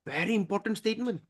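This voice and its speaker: Animated man teaching scripture. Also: sits high. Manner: emphatic, repeats for emphasis, clears throat often. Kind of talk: devotional class.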